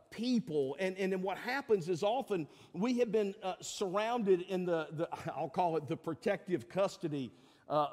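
A man's voice: high voice, darkish tone, big-room sound. A male pastor, preaching a sermon in a conversational, folksy way with fillers and emphatic peaks.

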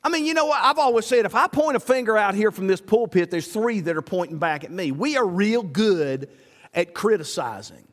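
Male pastor, sermon, high voice, lively rising and falling pitch, long echo. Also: fairly quick. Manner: animated preaching with rhetorical questions and repetitions. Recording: long hall reverb.

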